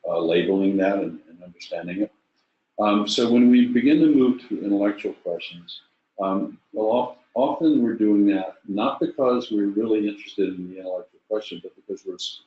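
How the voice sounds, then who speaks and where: Deep-voiced man coaching in an echoey room. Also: darkish tone. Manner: thoughtful, halting, frequent fillers and restarts. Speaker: leadership coach. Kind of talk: webinar presentation. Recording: echoey, dull lo-fi webinar audio.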